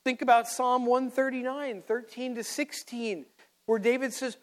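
A man preaching an expository sermon, reading scripture aloud and pausing often for emphasis, sometimes correcting himself. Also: extremely high pitch, steady tone, fairly bright tone. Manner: slow, deliberate, with emphatic pauses and self-corrections.

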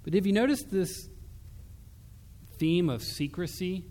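A man preaching a sermon in an earnest, emphatic way, dropping soft and low when he quotes. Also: animated, a little slow, in a large hall.

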